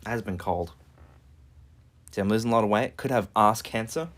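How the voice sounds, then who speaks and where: A man's voice: fairly low pitch, moderate pace. A man rambling and swearing as he muses aloud in a casual live-stream monologue, cold and shivering as he talks. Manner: rambling, profane musing aloud.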